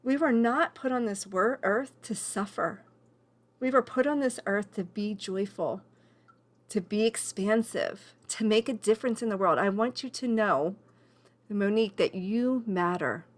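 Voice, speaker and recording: A woman's voice: medium pitch, a little slow. Woman coach, earnest and emotional, leading an online class on a video call; encouraging, personal. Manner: emotional, earnest, encouraging, addresses people by name. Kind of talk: live online workshop.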